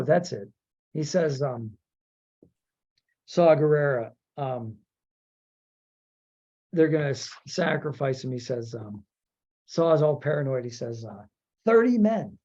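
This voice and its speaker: A man hosting a podcast in casual chat, rambling and animated, acting out quotes as he goes. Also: mid-range voice, husky. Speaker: podcast host. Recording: dull lo-fi audio.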